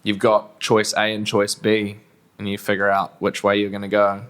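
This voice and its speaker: A man hosting a podcast interview, asking thoughtful questions in a measured way. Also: on the low side, monotone, fairly bright tone. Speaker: podcast host.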